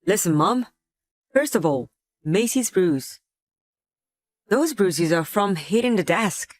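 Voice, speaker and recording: A woman voicing a defensive, sick husband in a text-message story, read in a flat synthetic way. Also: fairly low pitch, slow, dry recording. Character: sick abusive husband, adult man, defensive.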